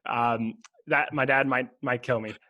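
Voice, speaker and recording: Young guy hosting a podcast on a video call, mid-pitched, jokey and friendly. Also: steady tone, pushed and bright. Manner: friendly, joking, quick to laugh. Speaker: podcast host. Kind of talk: casual interview chat.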